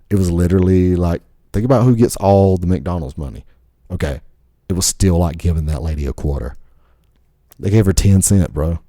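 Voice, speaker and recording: Low-voiced man ranting crudely. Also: mellow, no echo, studio quality. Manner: rambling, crude, swears constantly. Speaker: podcast host. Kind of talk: casual profane rant.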